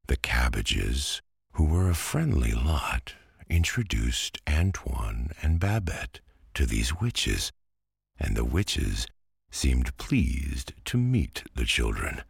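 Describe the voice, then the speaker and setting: Very deep, breathy bedtime storyteller man. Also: big pitch swings, slow, no room sound, studio quality. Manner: gentle, soft-spoken. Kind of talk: soothing bedtime storybook narration.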